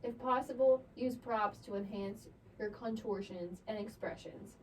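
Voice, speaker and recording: A young woman co-hosts a podcast, reading aloud from an article and chatting casually in a playful, giggly way. Her voice is medium-pitched and unhurried. The mic sits slightly distant, with faint background noise.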